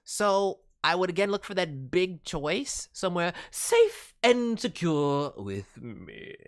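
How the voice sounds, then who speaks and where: A man's voice: fairly high pitch, fairly bright tone. Casual man giving voice demo feedback. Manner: friendly, critiques with hesitant restarts, lapses into slang. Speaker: streamer reviewing voice demos.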